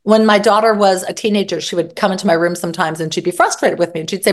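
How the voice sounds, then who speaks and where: A woman therapist speaking as an interview guest, expressive and acting out her examples vividly. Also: medium pitch, fast talker. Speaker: psychotherapist guest. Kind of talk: interview conversation.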